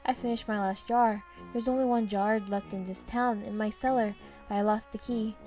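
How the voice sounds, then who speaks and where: A woman's voice: mid-range voice, steady tone, normal speed, warm tone, faint music behind, lightly acted. A woman voicing a hysterical townswoman who pleads frantically. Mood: frantic. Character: hysterical townswoman obsessed with jelly.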